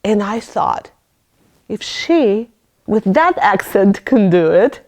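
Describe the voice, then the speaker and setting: A woman's voice: mid-range voice, slow pace. A woman hosting a podcast in casual interview talk, telling stories with lots of animation and frequent laughs. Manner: animated storytelling, laughing often; acts out her own thoughts in a raised voice. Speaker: podcast host.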